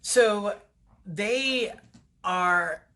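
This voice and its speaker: A woman telling a personal story in a vlog, animated and lively, her voice leaping up when she replays her own words. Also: mid-range voice, drawn-out words. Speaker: vlogger.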